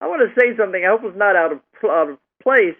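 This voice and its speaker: Expressive chatty woman host. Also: mid-range voice, rapid-fire, phone-quality sound. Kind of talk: casual interview chat.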